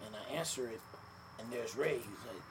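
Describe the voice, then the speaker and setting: A man telling stories in a relaxed sit-down interview, with many fillers, acting out the quotes of others. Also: medium pitch, moderate pace. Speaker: podcast guest, former wrestler. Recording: noisy room ambience.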